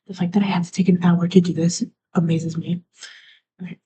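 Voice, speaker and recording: Soft-spoken, mellow-voiced woman streamer. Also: on the low side, little pitch movement, fairly quick, slight background noise, rough recording. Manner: soft, half-whispered, trailing off. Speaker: live streamer. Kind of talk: rambling live-stream narration.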